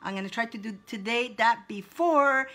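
A woman's voice: on the high side, moderate pace, pushed and bright. A woman hosting a live card reading for her viewers, effusive and exclaiming, repeating her words over and over. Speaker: psychic card reader, host.

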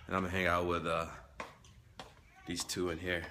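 A man's voice: low-pitched, flat delivery, a little fast, pauses often, noisy background. A man talking casually to camera as a family vlogger and father, laid-back and slangy, calling his viewers family. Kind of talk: casual vlog talk to camera.

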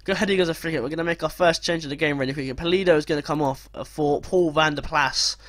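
A young man narrating his football management game as play-by-play commentary, breaking into loud, swearing outbursts. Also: a little high, fast talker, dry recording. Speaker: gaming commentator.

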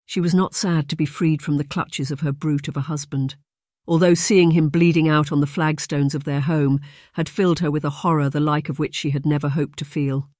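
A man narrating an audiobook in a steady, measured reading. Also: a little high, no room sound, studio quality.

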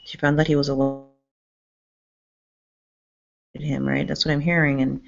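A woman speaks to her camera in a deep, creaky voice, her tone level and her pace a little slow. She rambles in agitation, cursing frequently and starting sentences over. It's recorded indoors at a public campus building with dull, lo-fi sound.

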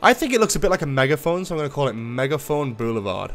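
A man chats through his own city-building stream at an ordinary mid pitch, cursing freely and poking fun at himself as he talks to his viewers. A little game music hums faintly behind him. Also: very animated, very fast, fairly bright tone. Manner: sweary, self-mocking, talks to chat. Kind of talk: casual gaming livestream commentary.

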